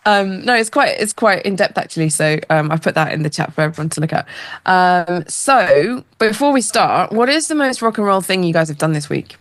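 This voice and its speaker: A woman's voice: on the low side, expressive, a little fast, no room sound. A woman co-hosting a band podcast, reading a loose intro with plenty of fillers. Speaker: podcast co-host. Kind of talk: casual podcast chat.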